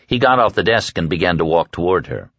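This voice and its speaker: Deep-voiced, dramatic male audiobook narrator. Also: a little fast, no room sound, dull audio. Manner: dramatic, expressive storytelling. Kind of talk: scripted narration.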